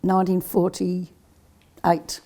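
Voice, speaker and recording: An older woman answers interview questions in a plain, matter-of-fact way. Her low voice is husky and gravelly, with a dark, mellow tone. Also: completely flat delivery, very slow. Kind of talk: reminiscing interview.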